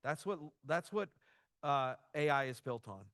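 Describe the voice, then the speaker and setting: A man's voice: mid-range voice, lively intonation, unhurried, fairly bright tone, smooth, no echo, clean studio sound. Casual man presenting a church workshop. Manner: casual, loose, with frequent restarts and "like". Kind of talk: conversational church workshop talk.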